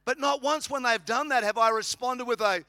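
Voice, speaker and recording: High, bright Australian preacher man. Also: normal speed, no room sound. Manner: humorous, emphatic preaching with repetition. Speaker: pastor. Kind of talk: sermon.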